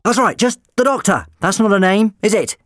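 A man's voice: on the high side, very animated, fairly quick, no room sound, studio quality, voice pushed up. A man voicing a frantic, pleading male time traveller in an audiobook. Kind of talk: audiobook character voice.

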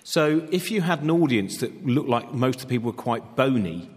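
A man's voice: mid-range voice, expressive, normal speed, slight background noise. A man co-hosting a radio panel show, rambling and joking. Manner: rambling, jokey. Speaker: co-host. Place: concert hall used as studio. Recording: long concert hall reverb.

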